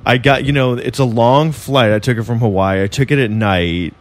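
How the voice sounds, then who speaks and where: A man tells a story in loose, filler-packed chat, cursing freely as he goes. His voice sits at an ordinary middle pitch. The sound is dry and close. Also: normal speed, no echo. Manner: rambling, filler-heavy, profane storytelling. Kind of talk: casual podcast chat.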